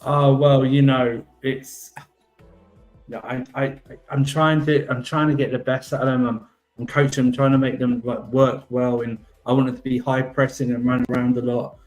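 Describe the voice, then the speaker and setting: A man's voice: mid-range voice, little pitch movement, normal speed, darkish tone, faint music behind, lightly acted. A man improvising as an embattled male football manager who defends his record with rambling, self-praising excuses in a comedic role-play. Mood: defensive.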